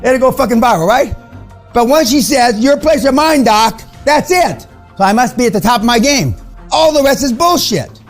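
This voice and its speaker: A man's voice: very high-pitched, sing-song, moderate pace, soft background music. A man in his seventies giving a blunt, profane, confrontational motivational rant, mocking his listeners. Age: 70s. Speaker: business speaker.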